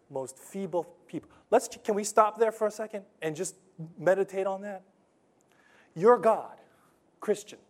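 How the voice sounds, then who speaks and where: Animated man preaching a sermon. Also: sits high. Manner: animated storytelling preacher, swings from loud to hushed. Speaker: pastor.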